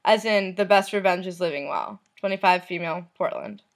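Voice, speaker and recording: Soft-spoken woman reading messages aloud. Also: lowish voice, fairly quick. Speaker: vlogger.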